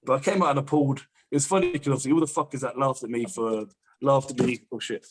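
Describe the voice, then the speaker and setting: A young man, a powerlifter guest on a podcast, telling rapid, sweary anecdotes in casual chat. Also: medium pitch, fairly even intonation. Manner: fast, swearing, laughing anecdotes.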